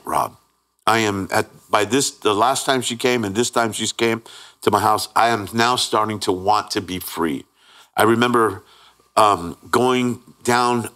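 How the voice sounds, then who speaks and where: A man's voice: lowish voice, bright, forceful tone. A man sharing his personal testimony as a guest, telling it candidly and plainly, often checking in with "right?" and acting out the voices of people in the story. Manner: earnest storyteller who acts out the quoted voices; plain-spoken with frequent restarts and 'right?'.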